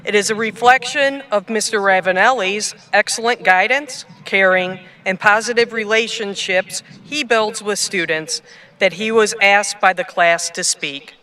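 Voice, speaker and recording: Male ceremony announcer, high and smooth voice, formal introducer. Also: unhurried, bright, forceful tone. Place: outdoor stadium.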